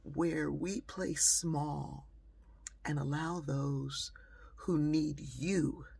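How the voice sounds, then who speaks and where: A woman's voice: sits low, steady tone, extremely slow, creaky, dark tone, breathy edge. A woman telling a personal story in a conversational style, with frequent fillers. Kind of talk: storytelling monologue.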